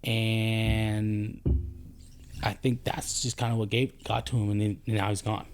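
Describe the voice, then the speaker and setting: A man from the United States, a former Army leader, talking on a podcast in a halting, reflective way, often searching for words. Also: lowish voice, flat delivery, darkish tone, clear, resonant tone. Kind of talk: casual podcast conversation.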